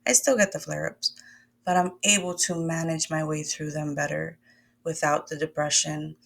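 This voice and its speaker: Gravelly-voiced woman coaching breathwork. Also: deep voice, flat delivery, normal speed. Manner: encouraging, conversational, addresses listeners as "my loves" and "y'all". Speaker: somatic wellness coach. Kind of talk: guided breathwork lesson.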